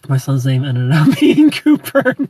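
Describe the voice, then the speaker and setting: Giggly husky young man streaming live. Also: fairly high pitch, mellow, recorded from a distance. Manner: chatty and giggly, greets viewers by name. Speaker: livestream host. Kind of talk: casual livestream chat reading comments.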